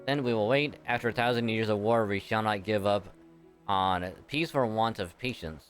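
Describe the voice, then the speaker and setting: A man's voice: lowish voice, normal speed, soft background music, natural voice. A man voicing an earnest noble knight in a game, pleading formally for peace. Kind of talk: reading game dialogue aloud.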